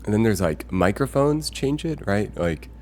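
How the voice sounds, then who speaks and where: A man with a voice on the low side, darkish in tone, talks at normal speed with lively intonation on a casual live stream. There's slight background noise as he rambles and thinks aloud with many fillers, reading chat messages and greeting arriving viewers.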